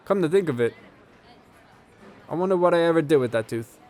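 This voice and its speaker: A man's voice: on the high side, lively intonation, a little fast, darkish tone, a faint crowd, lightly acted. A man performing a theatrical monologue as a bartender who tells a wry, reflective story from his childhood. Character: bartender recalling a childhood fistfight.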